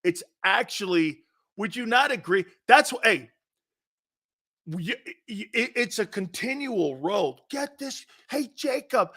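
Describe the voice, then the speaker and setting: A middle-aged man hosting a sports talk show, his voice lively and sitting a bit high for a man. He talks slowly and loosely, laughing often and wandering into rambling asides as he reacts to comments. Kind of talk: casual live-stream talk reading viewer comments.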